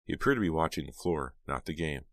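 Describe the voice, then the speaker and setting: Brief: male audiobook narrator, extremely low voice, measured storytelling, dry booth sound. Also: lively intonation, fairly bright tone, no echo. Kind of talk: scripted narration.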